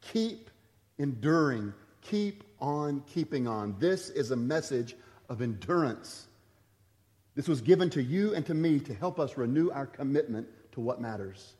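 Guy preaching, gets loud and urgent then drops real quiet, big hall echo. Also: mid-range voice, expressive, measured pace. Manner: swings from loud urgent emphasis to quiet hushed asides. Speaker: pastor. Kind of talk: sermon.

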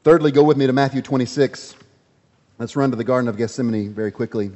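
A man preaching a sermon, dramatic, swinging from loud emphatic lines to hushed ones. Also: medium pitch, fast. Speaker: pastor. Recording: dull audio with long hall reverb.

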